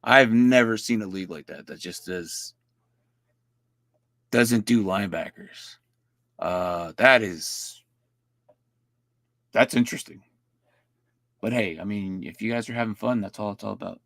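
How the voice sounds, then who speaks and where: Gravelly man rambling through roster reviews. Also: on the low side, measured pace, long pauses, a bit bright, no room sound. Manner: rambling, stumbles and repeats words. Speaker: fantasy football streamer. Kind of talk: casual live-stream roster review.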